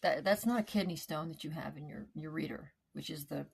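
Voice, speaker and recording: A woman retelling the words of a calm, secretive man, quoting him in a quiet, withholding way. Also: low voice, a little fast, creaky, breathy edge, heavily acted.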